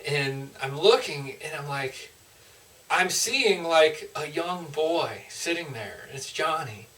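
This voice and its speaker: A man's voice: a little high, lively intonation, slow, fairly bright tone, distant mic, low-quality recording. A man, a motivational speaker, telling an emotional personal story in an earnest, heartfelt way with frequent restarts.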